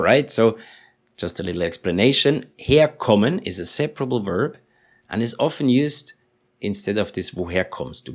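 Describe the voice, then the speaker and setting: A man teaching in English, explaining patiently and slowly repeating example sentences. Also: fairly low pitch. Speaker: German teacher. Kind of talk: language lesson explanation.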